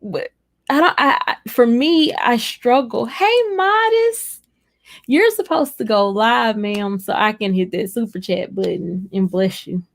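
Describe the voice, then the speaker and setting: A woman hosting a casual livestream, chatting expressively, reading viewer comments and jumping into a high voice to quote people. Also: a little slow, vocal fry. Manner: animated storyteller, jumps to a high voice for quoted people; expressive, chatty, laughs often. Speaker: livestream host. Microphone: streaming setup.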